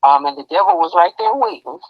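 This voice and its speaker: Gravelly-voiced woman sharing her story. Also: sits low, huge pitch swings, no echo, highs cut off. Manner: soft-spoken, earnest, halting with many fillers. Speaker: podcast guest. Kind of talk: personal testimony in an interview.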